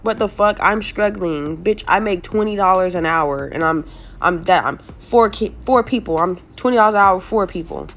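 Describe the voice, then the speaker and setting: A woman's voice: lowish voice, moderate pace, faint music behind. A young single mother venting in a social media clip, exasperated and swearing, with faint noise behind her. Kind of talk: emotional social media vent.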